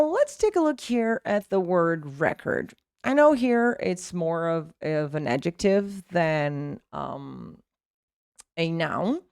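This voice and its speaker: Woman, English teacher, slow and melodic, dry close sound. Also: fairly low pitch, clean tone, dry recording. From Brazil. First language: Portuguese. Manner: slow, drawn-out model words. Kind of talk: pronunciation lesson.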